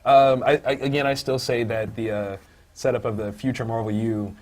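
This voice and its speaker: A man co-hosting a casual comic book review podcast, thinking aloud with many fillers and breaking into loud, high-pitched outbursts when excited. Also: moderate pace. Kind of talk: casual chat.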